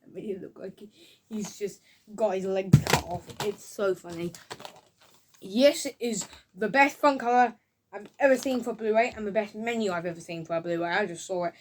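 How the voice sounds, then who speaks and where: A woman giving a casual, excited review of a film, rambling through scenes with frequent restarts. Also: mid-range voice, moderate pace, background noise. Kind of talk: casual home-video review.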